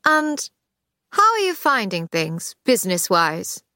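A woman voicing a polite, educated middle-aged male civil servant with a high drawl. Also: very animated, takes it slowly, bright, forceful tone, dry recording, clean studio sound, full character voice. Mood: genial. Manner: polite, ironic.

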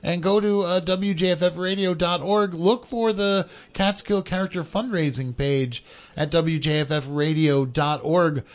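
A man co-hosting a live radio fund drive, upbeat and quick to laugh as he repeats the call-in pitch. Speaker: radio show co-host.

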